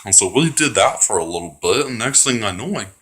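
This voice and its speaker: A man's voice: on the low side, animated, brisk, a bit bright. A man telling a crude, rambling comic story in a naive, childlike manner, full of profanity.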